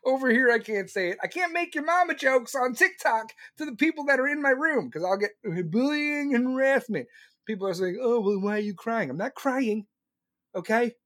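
A man on a live stream ranting loudly and sarcastically about politics, mocking the other side in put-on voices. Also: very high voice, animated, normal speed, no room sound, clean studio sound.

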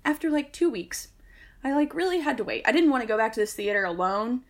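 A woman's voice: a little high, animated, fast. Woman ranting thru a story on a podcast, dry and fed up. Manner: exasperated, wry storyteller. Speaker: podcast co-host. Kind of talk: casual storytelling chat.

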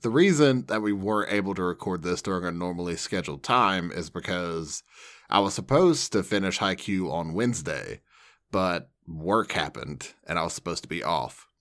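Deep-voiced laid-back male podcaster. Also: lively intonation, normal speed, fairly bright tone. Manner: laid-back, joking, casual swearing. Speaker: podcast co-host. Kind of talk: casual chat.

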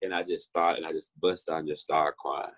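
Young man in his 20s, deep and a bit raspy, heartfelt testimony guest. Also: level tone, brisk, fairly bright tone. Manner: earnest, heartfelt, repeats himself often. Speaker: interview guest. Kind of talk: personal testimony in conversation.

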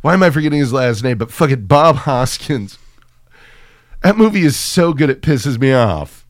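A man's voice: mid-range voice, expressive, moderate pace, no room sound. Male podcast co-host: profane, jokey movie riffer, dry booth sound. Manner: profane, jokey, slips into mock voices. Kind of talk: casual movie-riffing chat.

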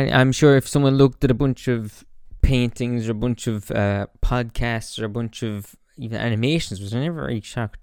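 A man's voice: medium pitch, darkish tone, smooth, no room sound, clean studio sound. A man hosting his own podcast, talking through his thoughts in a rambling, reflective way full of fillers and restarts, into a podcast microphone. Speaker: podcast host. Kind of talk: casual reflective monologue.

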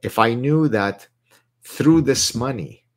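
A middle-aged man hosting a live question session, talking in an animated, digressive way with frequent restarts. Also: mid-range voice, takes it slowly. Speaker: host answering viewer questions. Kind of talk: live question-and-answer stream.

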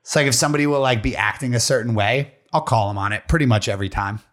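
A man from Pennsylvania co-hosting a casual podcast, slightly hoarse, talking loosely with lots of fillers and swearing. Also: medium pitch, racing, fairly bright tone. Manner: loose, chatty, full of fillers and profanity. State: hoarse after a weekend party. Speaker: podcast co-host.

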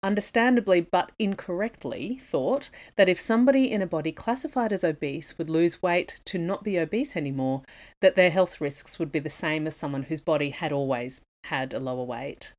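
A woman, a dietitian hosting an educational podcast, reading a scripted lesson in a measured, methodical way that moves through points in lists. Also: deep voice, a little mellow. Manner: measured, methodical, list-like delivery.

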